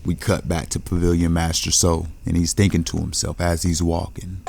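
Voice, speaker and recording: A man's voice: deep voice, little pitch movement, moderate pace, creaky, hardly any pauses, mellow, slight background noise. A man casually retelling a comic story in present tense as a recap narrator.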